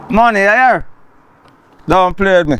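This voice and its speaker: An actor with a Jamaican accent playing a boastful young robber who bosses and laughs. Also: male voice, high-pitched, fairly bright tone, slight background noise, heavily acted. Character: cocky young male street robber.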